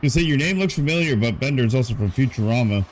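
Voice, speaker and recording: Man, drowsy, yawning, casual live game commentary, mid-pitched voice, faint background hum. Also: fast. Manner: relaxed, thinking aloud, yawning. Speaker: gaming streamer. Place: warm room at home.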